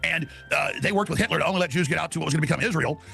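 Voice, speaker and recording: Man, heated debate, combative ranting, sharp bright voice, faint music behind. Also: on the high side, creaky. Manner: loud, rapid, combative ranting. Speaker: debater in a played clip.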